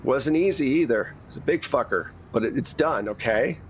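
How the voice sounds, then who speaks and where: A man's voice: mid-range voice, animated, moderate pace, slight background noise, natural voice. A man voicing a nervous male hitman who stammers and tries to placate people, in a tabletop game.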